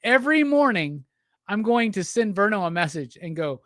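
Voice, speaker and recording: Man livestream host, drunk, swearing, teasing, bouncy pitch, dry close sound. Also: big pitch swings, moderate pace, a bit bright, no room sound. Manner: profane, teasing, rambling. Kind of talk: casual livestream chat.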